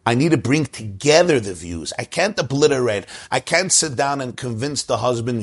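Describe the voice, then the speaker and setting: A man's voice: mid-range voice, expressive, moderate pace, hardly any pauses, slightly rough. A man giving a religious talk, telling a joke as a story and drawing a lesson from it. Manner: storytelling, rising to emphasis. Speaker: Jewish religious teacher. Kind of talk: sermon with a told joke.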